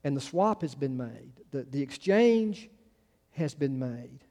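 A man's voice: medium pitch, lively intonation, slow, creaky, warm tone, long reverb tail. A man preaching a sermon as pastor, earnest, with frequent restarts and rising emphatic peaks.

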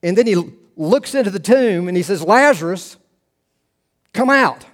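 A middle-aged male pastor preaching a sermon, earnest, rising to emphatic quotes and dropping to hushed asides. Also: sits high, lively intonation, brisk.

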